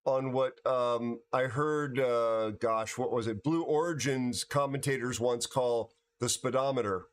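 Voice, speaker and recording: A man hosts a livestream, worn out from a night without sleep. He talks casually to his viewers at a middling pitch, halting and restarting, repeating words as he goes. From United States. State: tired from no sleep. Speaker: livestream host.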